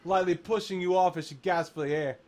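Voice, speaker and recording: A man's voice: high voice, fairly even intonation, a little fast, a little mellow. Crude joking male streamer reading aloud. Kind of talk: casual livestream reading.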